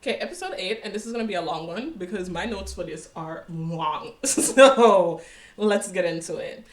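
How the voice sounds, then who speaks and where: A young woman casually recapping a series, sassy and animated, with slang and quick asides. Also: lowish voice, reverberant. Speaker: recap vlogger.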